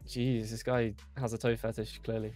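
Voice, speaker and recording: A man's voice: fairly low pitch, little pitch movement, normal speed, a little mellow, faint music behind. A man on voice chat with gaming friends, teasing dryly and stumbling over his words. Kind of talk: casual gaming banter.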